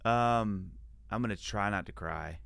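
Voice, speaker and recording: Deep gravelly man in casual chat. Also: measured pace, a bit bright, no room sound. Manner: playful, rambling, jokey asides. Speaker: podcast guest.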